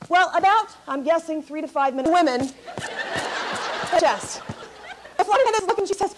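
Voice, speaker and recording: A woman keynote speaker telling a comic story to an audience, animated and laughing as she talks. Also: brisk, a little hiss or hum. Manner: animated, laughing, high-energy.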